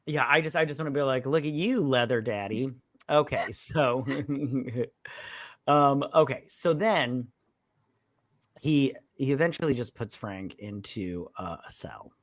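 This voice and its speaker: A man's voice: mid-range voice, slow, dry recording. A man co-hosting a casual movie review, retelling scenes and mimicking characters' lines. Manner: retells scenes, quoting characters in mock voices. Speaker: podcast co-host.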